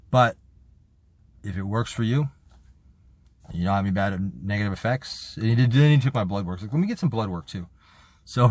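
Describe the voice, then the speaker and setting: A man's voice: fairly low pitch, a little mellow. A man casually telling a personal story in a rambling way, with lots of fillers, restarts and casual swearing. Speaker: vlogger.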